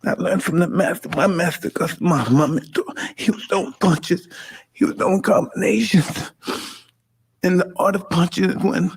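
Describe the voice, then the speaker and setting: A man in his fifties talking intensely and emotionally, profane and halting, in a casual conversation. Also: sits high, fairly even intonation, creaky, slightly rough. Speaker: podcast host.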